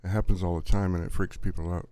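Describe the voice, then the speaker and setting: A middle-aged man hosts a live stream in an easygoing, chatty way. His voice sits a little low and is recorded close and dry. He greets viewers warmly by name and laughs often. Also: fairly even intonation, fast, no room sound. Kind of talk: casual live stream chat.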